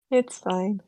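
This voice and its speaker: A woman's voice: mid-range voice, mellow, no room sound. A woman co-hosting a podcast in casual chat, teasing and laughing often. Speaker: podcast co-host.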